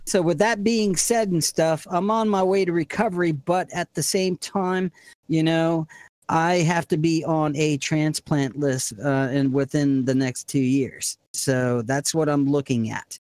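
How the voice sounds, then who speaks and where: Man, clan leader on voice chat, slightly high, dry close mic, rambling and cursing. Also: fairly even intonation, measured pace, a little mellow, no echo. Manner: rambling, profane, repeats "and stuff". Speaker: gaming community leader. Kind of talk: casual voice chat meeting.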